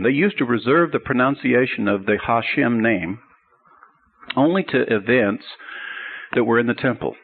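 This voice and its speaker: A gravelly-voiced man teaches a sermon in an earnest, explaining way. His voice comes through a tinny, phone-like radio broadcast. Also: mid-range voice. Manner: earnest, explanatory, builds up to a told joke. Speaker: Bible teacher.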